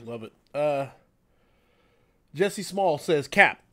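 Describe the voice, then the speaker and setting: A man's voice: fairly high pitch, expressive, very slow, pushed and bright. A man hosting a casual chat, giving short enthusiastic reactions and reading out audience questions. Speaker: host.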